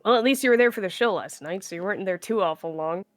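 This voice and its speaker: A woman's voice: mid-range voice, racing, no echo, studio quality. A woman playing a tabletop game who talks bluntly and swears freely. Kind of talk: casual role-play.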